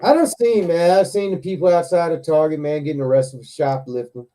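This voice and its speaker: A man hosts a casual live chat and tells a story in an animated, laughing way, swearing as he goes. His voice is deep-toned and mellow, with no brightness to it. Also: fairly quick. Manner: laughs often, swears freely, animated retelling. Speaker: live stream host.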